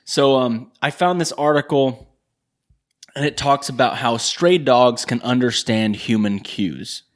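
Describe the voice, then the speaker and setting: A man with a mid-range voice chats casually as a podcast co-host. He reacts with enthusiasm and talks in an animated, loose way. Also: mid-range voice, a little slow. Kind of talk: casual chat.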